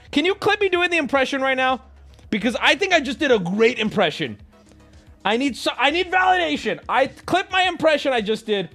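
Animated, profane male streamer. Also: extremely high pitch, a little fast, soft background music. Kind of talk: casual live-stream chat.

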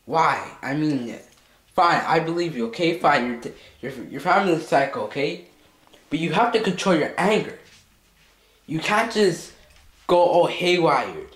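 A man's voice: fairly high pitch, a bit bright, echoey room. A male vlogger in an agitated comedic skit, swearing a lot and stammering over his words. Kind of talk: comedic self-argument skit.

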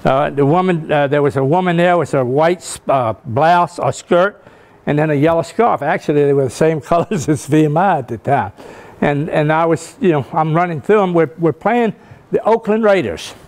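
An older man gives a leadership talk, spinning folksy stories at his own expense. He keeps checking in with his listeners as he goes. His voice sits slightly higher than most men's. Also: normal speed, darkish tone. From Richmond, Virginia, US. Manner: folksy, self-mocking humor, keeps checking in with "okay?". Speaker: guest speaker, former football coach.

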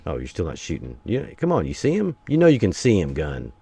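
A man giving excitable commentary while playing a survival game, taunting enemies and breaking into sudden loud outbursts. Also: sits low, brisk, vocal fry, a little hiss or hum. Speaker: gameplay streamer. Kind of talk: let's play commentary.

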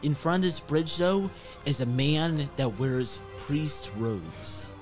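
A man's voice: a little high, animated, slow, music in the background. A man narrating a tabletop game as game master in a loose, casual way.

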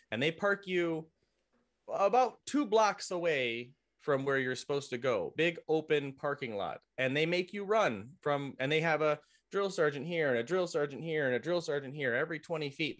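A man's voice: on the high side, fairly bright tone. Rambling man telling a story. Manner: rambling, with frequent restarts and self-corrections. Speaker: podcast guest, military veteran. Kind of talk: casual storytelling in a podcast interview.

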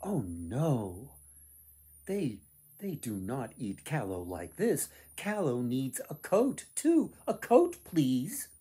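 A man voicing a clever young girl who answers slowly and calmly, coaxing the goblins. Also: medium pitch, husky, exaggerated voice.

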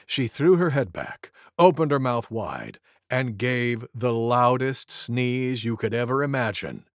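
Slow, expressive male storyteller. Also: mid-range voice, dry recording, studio quality. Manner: expressive, playful. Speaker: storybook narrator. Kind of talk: animated storybook reading for preschoolers.

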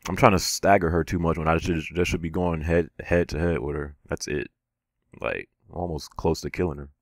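A man commentating his own gameplay, casual and slangy, swinging from low self-critical muttering to sudden yells. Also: level tone, moderate pace, dry recording. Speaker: gamer.

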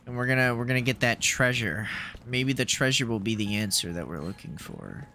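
Bright-voiced male game streamer. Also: medium pitch, expressive, brisk, a little hiss or hum. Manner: jokey mock panic, talks to game characters. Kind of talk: live gameplay commentary.

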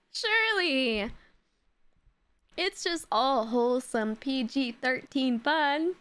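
A young woman streamer giving animated, giggly, joking reactions to a game. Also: high-pitched, takes it slowly, clean tone.

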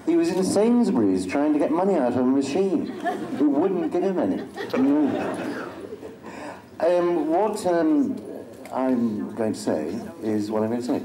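A man's voice: fairly high pitch, animated, measured pace. A middle-aged man joking wryly as a convention panel guest before an audience. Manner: wry, dry self-mocking humor. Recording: echoey hall with crowd noise.

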